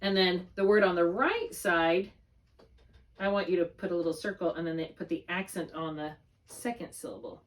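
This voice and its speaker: A middle-aged woman with a lowish voice tutors a student one-on-one in spelling at a moderate pace. She is patient and encouraging, drawing out syllables to model them.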